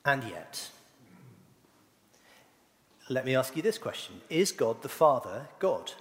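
Taking it slowly, a middle-aged pastor quizzes his congregation playfully during a call-and-response sermon, his medium-pitched voice swinging widely in pitch. The church hall gives the recording a long reverb.

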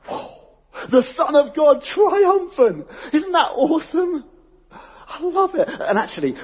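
Excitable husky preacher in a hall. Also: male voice, fairly high pitch, lo-fi sound. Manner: excitable, exclamatory, casual slang. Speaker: youth preacher. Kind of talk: energetic sermon.

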